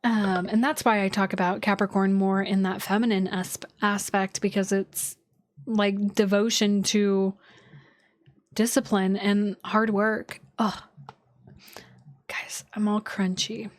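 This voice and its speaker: A woman's voice: medium pitch, level tone, a little slow, dry recording. A woman astrologer chatting casually on a livestream from home, loose and filler-heavy, with casual swearing.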